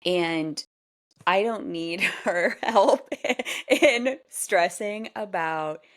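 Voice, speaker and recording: A woman in her forties hosting a solo podcast, chatty and animated and often laughing. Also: mid-range voice, extremely slow. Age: 40s. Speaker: podcast host. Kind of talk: casual solo podcast talk.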